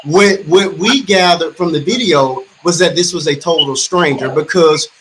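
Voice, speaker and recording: A man hosting a livestream interview, gentle and reassuring, often stammering at the start of his sentences. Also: fairly high pitch, normal speed, background noise. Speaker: interview host.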